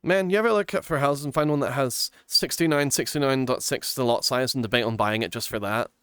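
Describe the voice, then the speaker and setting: A man's voice: medium pitch, a little fast, a bit bright, clean tone, dry recording, clean studio sound. A man streaming live, chatting casually and playfully, giggling often and reading viewer comments aloud.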